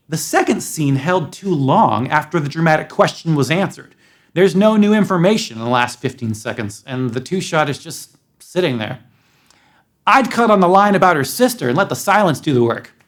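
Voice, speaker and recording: A man giving an explanatory lesson to film students, talking with emphasis. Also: on the high side. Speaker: film instructor.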